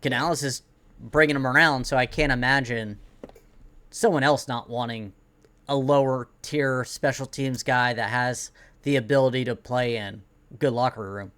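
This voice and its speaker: A man co-hosting a casual sports podcast, chatty and halting, with frequent "like"s. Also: medium pitch, fairly even intonation, a bit bright. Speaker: podcast co-host.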